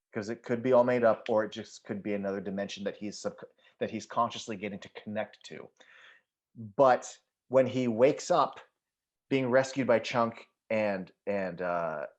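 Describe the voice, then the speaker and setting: A man co-hosting a casual movie podcast, rambling through thoughts with lots of restarts, fillers and casual swearing. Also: fairly low pitch. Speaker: podcast co-host.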